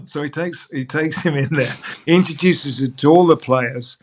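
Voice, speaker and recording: An older man, a sports broadcaster, telling an anecdote as a lively raconteur who repeats words as he goes. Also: fairly high pitch, normal speed. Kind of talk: anecdotal storytelling.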